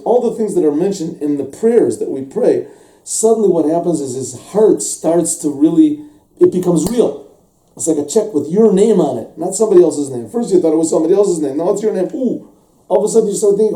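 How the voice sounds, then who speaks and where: A man's voice: high voice, lively intonation, brisk, mellow. A man teaching a religious text class as a rabbi, explaining at length, repeating words and acting out little dialogues. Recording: echoey room, mic set far off.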